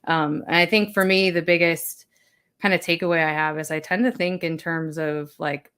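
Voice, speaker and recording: Low-voiced woman panel guest. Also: steady tone, moderate pace, a bit bright, smooth. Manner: thoughtful, laughs at own slips. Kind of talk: live online panel chat.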